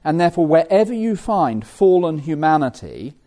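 Middle-aged English preacher, mellow warm voice, animated conversational sermon delivery. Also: male voice, a little high, moderate pace. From England. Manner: animated, conversational, with self-mocking asides.

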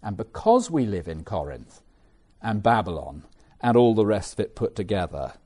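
Middle-aged English preacher, mellow warm voice, animated conversational sermon delivery. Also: male voice, on the low side, normal speed. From England. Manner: animated, conversational, with self-mocking asides.

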